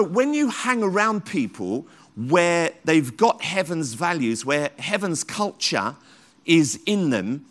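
Fervent preacher, raised voice. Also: male voice, a little high, a bit bright. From London, England. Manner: fervent preaching with repeated exclamations of praise. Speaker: pastor. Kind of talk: sermon. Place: church.

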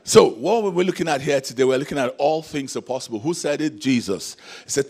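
A man delivers a lively sermon, throwing rhetorical questions at the congregation and prompting responses. He laughs often between his points. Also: medium pitch, a little fast, hardly any pauses, husky. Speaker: preacher.

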